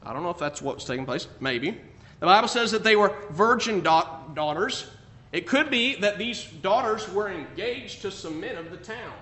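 A man preaching a sermon, emphatic, swinging between loud declarations and quiet asides. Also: lively intonation, normal speed. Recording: echoey room with faint rumble.

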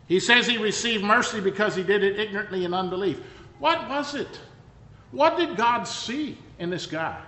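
A man's voice: high-pitched, expressive, moderate pace, sharp tone. A man preaching a sermon, telling the story in a conversational, emphatic way with wry asides. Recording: echoey hall reverb.

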